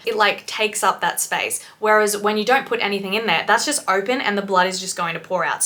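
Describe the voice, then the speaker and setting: A woman with a bright, forceful tone talks through piercing mishaps in casual commentary. She explains things patiently but swears freely and bluntly when something annoys her. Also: mid-range voice. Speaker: piercer reacting to clips.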